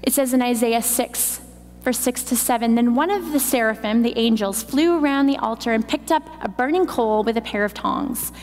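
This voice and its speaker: A woman's voice: on the high side, moderate pace, darkish tone. A woman preaching a sermon in a church, teaching with emphatic repetition. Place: church hall. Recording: long hall reverb, faint noise.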